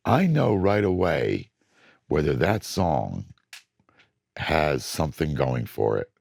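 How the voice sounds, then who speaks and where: A middle-aged record producer being interviewed, telling blunt studio stories and acting out moments from sessions. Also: male voice, very deep voice, slow pace, gravelly, breathy edge, no echo. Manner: animated, blunt storytelling that acts out studio moments.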